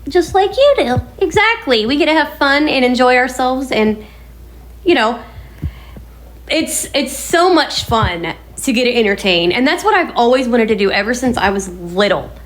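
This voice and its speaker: A woman's voice: a little high, expressive, normal speed, fairly bright tone. A woman hosting a casual sit-down vlog from her home kitchen, talking in a bubbly, enthusiastic, chatty way. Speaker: vlog host.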